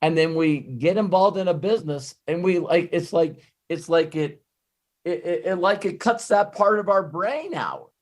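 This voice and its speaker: A network marketing trainer gives an animated, improvised pep talk, swearing freely and rambling as he keeps cutting himself off and starting over. His voice is on the high side and his pace moderate.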